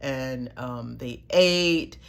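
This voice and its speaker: Low-voiced chatty woman. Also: extremely slow, vocal fry. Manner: chatty, laughs often, acts out quotes. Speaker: foster parent sharing stories. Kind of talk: casual storytelling to viewers.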